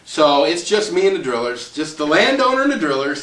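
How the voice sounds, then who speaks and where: A landowner telling a long personal story in a casual, rambling way, chuckling and acting out what other people said. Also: male voice, fairly high pitch, big pitch swings, a little fast, fairly bright tone. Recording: roomy echo, distant mic, faint noise.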